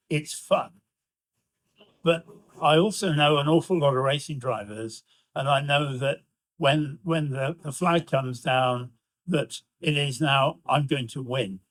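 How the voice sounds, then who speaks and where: A man hosting, interviewing a guest at an event and chatting on a podcast, with frequent warm stumbling restarts. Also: on the high side. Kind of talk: stage interview, then casual chat.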